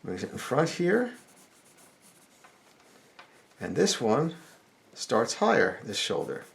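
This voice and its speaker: A middle-aged man talks through a drawing lesson step by step, explaining as he sketches. His voice has a gravelly edge, and his pitch moves in a lively, animated way. Soft pencil and marker scratching runs underneath. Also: slow pace. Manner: relaxed explanatory, thinking aloud while sketching. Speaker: drawing instructor.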